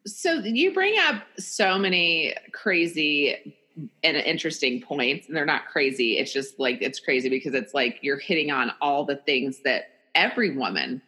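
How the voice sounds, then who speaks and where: A woman's voice: low-pitched, expressive, normal speed, bright, forceful tone. A woman hosting a podcast, chatting casually and thinking aloud with many "like"s. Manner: rambling, lots of "like", thinks aloud. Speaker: podcast host. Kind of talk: casual interview chat.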